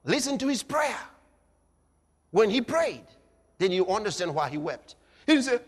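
A man preaching a sermon dramatically, swinging from shouts to quiet and acting out scenes. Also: sits high, big pitch swings, moderate pace, long pauses, husky. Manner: dramatic, shouting at peaks then dropping quiet, acts out scenes. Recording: echoey hall.

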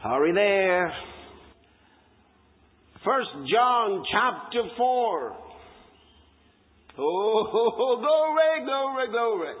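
A man preaching a sermon with great fervor, repeating words and shouting for emphasis. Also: sits high, very animated, extremely slow, pauses often, long reverb tail, phone-quality sound.

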